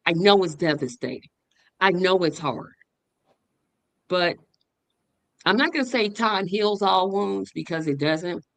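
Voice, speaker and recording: A woman's voice: fairly low pitch, expressive, unhurried, long pauses, a bit bright, no echo, low-quality recording. A woman giving an earnest, faith-filled memorial tribute over a video call, with a touch of humor. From living in Indianapolis. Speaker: memorial speaker.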